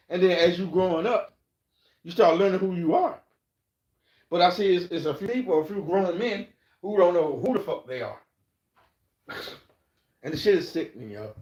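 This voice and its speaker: Recorded in an echoey room, this slightly high-voiced man runs his own podcast. He rambles through life advice bluntly and with plenty of swearing, often circling back to say the same things again.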